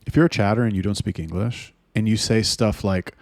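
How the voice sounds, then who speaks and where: A man's voice: on the low side, steady tone, brisk, darkish tone, dry recording, studio quality. A man giving profane, exasperated advice in a blunt ranting monologue, swearing constantly. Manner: mocking put-on voices when quoting others. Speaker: agency owner giving chatter advice.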